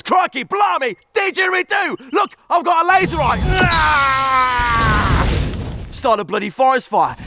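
A man's voice: high-pitched, a bit bright. An actor playing a brash male mercenary with an Australian accent, hammy and over the top in a comedic fan film.

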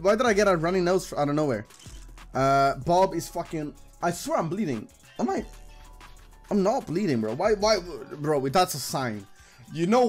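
Excitable young man commenting on slots. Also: on the high side. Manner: excitable, swearing, talks to the screen. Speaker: gambling streamer. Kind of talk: casual live slot commentary.

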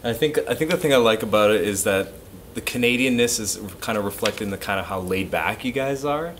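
A man interviewing a guest in a relaxed, easygoing way. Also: on the low side, fairly quick, slight background noise. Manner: laid back, brief agreeing replies. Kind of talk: casual interview chat. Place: music store.

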